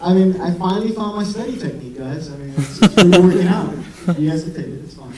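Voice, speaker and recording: At a comedy venue, a young medical student rattles through a rambling, profane stand-up set full of self-deprecating stories. His voice is high-pitched and lively, and he talks fast. Crowd laughter fills the roomy, distant live recording.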